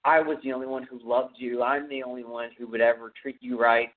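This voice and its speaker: A man voicing a disturbed killer obsessed with his mother, speaking slowly and in a pained, accusing way, over a phone-like line. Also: medium pitch, level tone, lightly acted. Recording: phone-like narrow sound.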